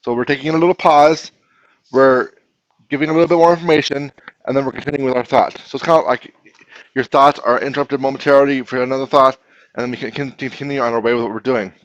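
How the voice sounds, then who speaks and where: A man's voice: mid-range voice, steady tone, fast, no echo, muffled recording. Patient male teacher in a classroom. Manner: patient, explains step by step, asks the class questions. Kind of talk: classroom grammar lesson.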